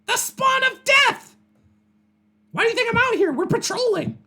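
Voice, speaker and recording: A woman's voice: very high-pitched, expressive, normal speed, pushed and bright, heavily acted. A woman voicing a jittery little male goblin scout who chatters eagerly and stammers over repeated words. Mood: nervous chatter.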